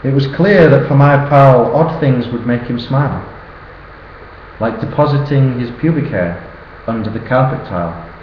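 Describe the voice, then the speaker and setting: At a moderate pace and in a mid-range voice, an early-20s man from northern England toasts his best mate with a cheeky birthday rhyme, sing-song in delivery. Faint ambience, slight background noise, and a roomy, dull sound.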